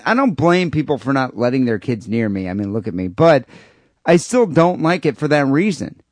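A man's voice: on the high side, dry recording. A man co-hosting a podcast, talking crudely and rambling in casual banter, often laughing. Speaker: podcast co-host.

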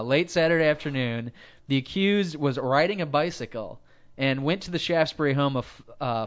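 A man's voice: fairly high pitch, clean tone, lo-fi sound. A man co-hosting a podcast, casually reading out a news article and breaking off for joking asides. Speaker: podcast co-host. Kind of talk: casual chat, retelling a news story.

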